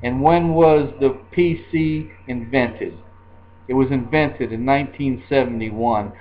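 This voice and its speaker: A man in his sixties telling a personal story in a casual, rambling way, often repeating himself. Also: mid-range voice. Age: 60s. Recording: dull lo-fi recording.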